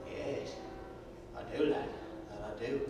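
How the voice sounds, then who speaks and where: A man on a theatre stage playing an old blind male pencil peddler who talks in a gruff, rustic way, slow and mournful. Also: medium pitch, loud music behind the voice, natural voice. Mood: weary. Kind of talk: stage recital acting. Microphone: distant room mic. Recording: echoey hall from far off.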